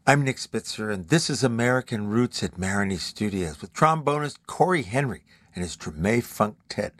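A male radio host with a lively, rising-and-falling delivery, reading his links in a smooth, measured way. His voice sounds close and dry, with no room around it. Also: lowish voice, dry recording. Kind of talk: scripted radio hosting.

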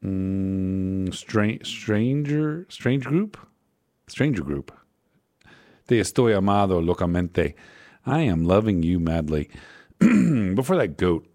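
A man's voice: deep voice, darkish tone. A man working as a radio DJ, back-announcing records in a casual, rambling way, often correcting himself and making wry asides.

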